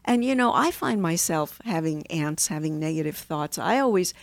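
A woman therapist, a guest on a talk show, calmly telling a story and giving advice. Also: deep voice, gravelly, dry recording. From United States. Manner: calm, measured, instructive. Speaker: marriage and family therapist, guest. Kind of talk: casual interview chat, storytelling.

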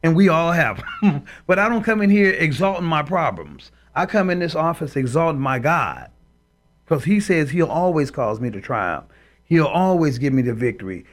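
A man's voice: on the high side, big pitch swings, moderate pace. A man co-hosting a Christian talk show, speaking in an emphatic, preacherly way and quoting scripture. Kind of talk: faith talk show discussion.

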